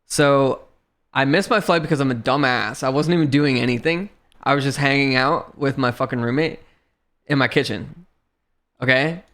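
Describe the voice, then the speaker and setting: A young man telling a frustrating story on a livestream, swearing often and laughing as he goes. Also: medium pitch. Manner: swearing, animated retelling with laughs. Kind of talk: casual storytelling chat.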